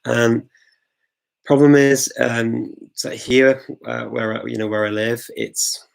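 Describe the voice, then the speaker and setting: Gravelly man chatting on a livestream. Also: medium pitch, steady tone, slow pace, poor audio. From England. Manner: chatty and enthusiastic, many ums and restarts. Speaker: host of a live Q&A. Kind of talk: casual livestream chat answering viewer questions.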